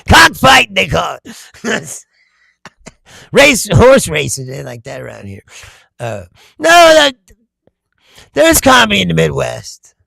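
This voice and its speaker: A man from Kentucky with a gravelly, bright voice, chatting casually and swinging between loud bursts and lower asides. He laughs often and jumps to shouts mid-story. The sound is dry and close. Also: huge pitch swings, unhurried, long pauses, no echo. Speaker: comedian streamer. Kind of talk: casual chat with live chat.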